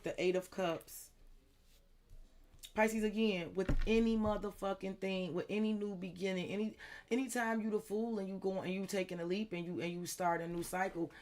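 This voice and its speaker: A woman's voice: on the low side, darkish tone. A woman doing a live tarot reading, speaking emphatically and repetitively straight to her viewers, with frequent swearing, and greeting chat viewers by name. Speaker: tarot reader.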